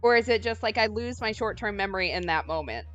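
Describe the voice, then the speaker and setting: A woman's voice: medium pitch, animated, fast, a bit bright, lo-fi sound, soft background music. A woman in her late twenties in a casual stream chat, blunt and casually swearing, reasoning things out aloud. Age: late 20s. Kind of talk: casual group chat on a livestream.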